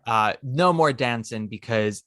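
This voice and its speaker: A man hosting a podcast, casually recounting a musical's plot with lively asides. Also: mid-range voice, measured pace, no echo, studio quality. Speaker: podcast host. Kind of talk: casual chat.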